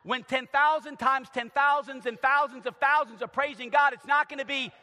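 A middle-aged man preaching a sermon as pastor in a church, moving from quiet, intimate asides to loud, shouted emphasis. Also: very high voice, steady tone, moderate pace. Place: church sanctuary. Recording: long church reverb.

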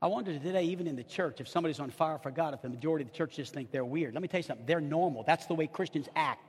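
A middle-aged man preaching a sermon as pastor, impassioned, swinging between loud outbursts and hushed asides, with stammered restarts. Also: a little high, racing, breathy edge. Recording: long hall reverb.

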